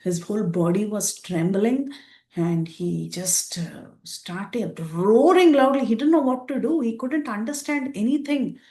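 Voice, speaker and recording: A woman's voice: mid-range voice, a little slow, reverberant. Woman telling a scripture story. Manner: animated retelling with frequent fillers. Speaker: scripture class teacher.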